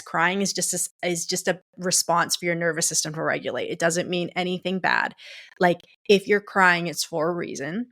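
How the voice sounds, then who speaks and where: With a lowish voice that sounds pushed and bright, a woman delivers a casual solo monologue on her coaching podcast. She speaks straight to listeners, calls them "guys," and uses many "like" and "you know" fillers.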